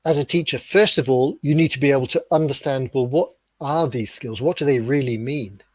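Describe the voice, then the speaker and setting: British guy teaching teachers online, medium voice, dead dry room, calm clear explaining. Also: mid-range voice, a little fast, no room sound. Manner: steady, clear teaching tone with rhetorical questions. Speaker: webinar speaker on teacher development. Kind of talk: explanatory lecture.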